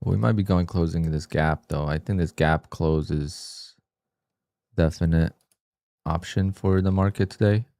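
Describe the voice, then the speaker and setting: A man's voice: sits low, steady tone, a little slow, dark tone, dry recording, studio quality. A man livestreaming his day trading, muttering to himself and scolding himself with sudden frustrated outbursts. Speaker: day trader streaming his trades. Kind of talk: live trading commentary.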